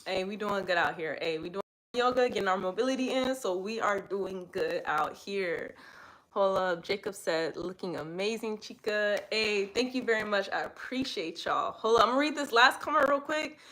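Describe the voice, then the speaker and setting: A young woman instructor leading a live yoga class. She chats casually with viewers and guides breathing and poses in a steady, easy voice. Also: mid-range voice, moderate pace. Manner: casual slangy chat, laughs often, reads viewer comments aloud; soft, steady breathing cues while guiding poses.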